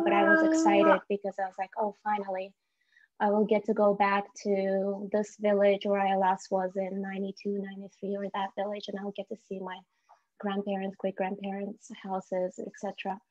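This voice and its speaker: A woman in her thirties from Azerbaijan, medium-pitched with a darkish tone, speaks in an online meeting over lo-fi video call audio. She's sincere and frank, regularly pausing to find her words.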